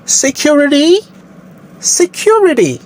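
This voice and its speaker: A woman's voice: high-pitched, big pitch swings, slow pace, a little mellow, full character voice. A woman playing a snobbish young heiress who speaks in a put-on British accent, calling out shrilly. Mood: haughty. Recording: distant from the mic.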